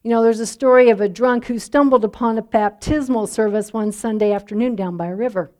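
A woman pastor preaching a sermon in a measured, reflective way, letting line endings drop softly. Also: fairly high pitch.

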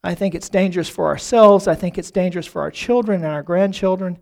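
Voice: medium pitch, fairly quick, vocal fry, a little mellow. A pastor preaching a sermon in a church, talking earnestly and often doubling the first word of a phrase. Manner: earnest, repeats words while starting phrases.

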